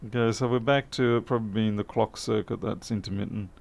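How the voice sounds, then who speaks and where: A man with a lowish, darkish voice and vocal fry talks fast and with fairly even intonation. He's an electronics repair technician fixing a laptop in his workshop, muttering and offering chatty, self-mocking commentary to the camera.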